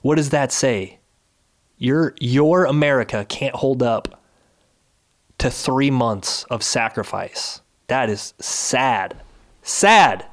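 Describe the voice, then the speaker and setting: A man vents from his couch at home in a fiery, indignant rant. He hammers away with rhetorical questions in a voice of ordinary middle pitch. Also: slow pace. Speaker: video series host. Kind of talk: angry ranting commentary.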